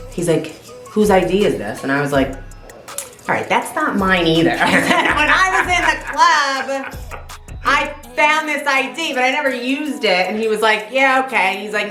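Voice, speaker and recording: A woman vlogger casually telling a story in an animated way, swearing freely. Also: fairly low pitch. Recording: roomy with faint music.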